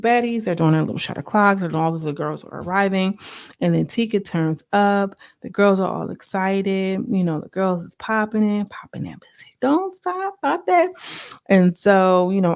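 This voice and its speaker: A woman casually recapping a reality TV episode in a gossipy vlog, acting out the cast's lines in a higher voice. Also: darkish tone. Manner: chatty, gossipy, acts out quotes with raised pitch. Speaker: reality TV reviewer.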